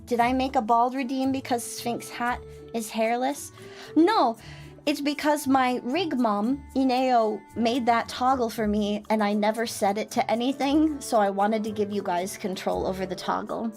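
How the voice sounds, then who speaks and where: A woman livestreamer chats casually and playfully with her viewers, giggling often. Her voice is fairly high with a darkish tone, her pace is moderate, and faint music plays in the background.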